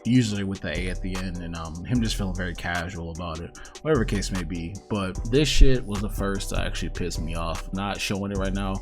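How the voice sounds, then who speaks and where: Man, low voice, blunt, irritated, casual commentary, faint music behind. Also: fairly quick. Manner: blunt, irritated, swears, addresses viewers as guys. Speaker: commentary host.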